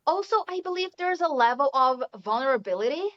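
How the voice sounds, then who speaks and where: With an animated, brisk, high-sitting voice, a Brazilian woman who teaches English and grew up speaking Portuguese chats casually in an English interview, peppering it with "you know" and light laughter. The sound is lo-fi.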